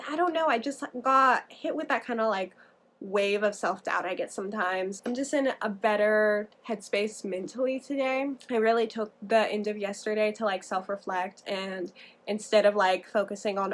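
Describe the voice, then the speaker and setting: A woman's voice: mid-range voice, normal speed, fairly bright tone. A young adult woman talks casually about her day in a chatty, rambling way with a mid-range voice. Her tone is reflective and plain. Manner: chatty, full of "like" fillers. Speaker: contestant.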